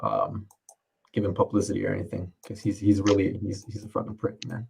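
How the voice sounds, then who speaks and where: A man's voice: sits low, very animated, fairly quick, vocal fry, noisy background. A man chatting casually at home, rambling, swearing and laughing often. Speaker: streamer. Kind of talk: casual chat. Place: home, under curfew.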